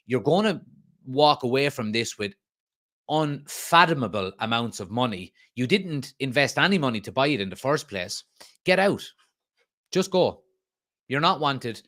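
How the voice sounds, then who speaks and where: A man's voice: mid-range voice, animated, normal speed, a bit bright. An Irish man hosting a live fan stream, chatting casually, restarting sentences and bursting into emphatic complaints. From Ireland. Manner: conversational, frequent restarts and fillers, emphatic outbursts. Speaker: fan channel host. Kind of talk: live-stream fan chat reading comments.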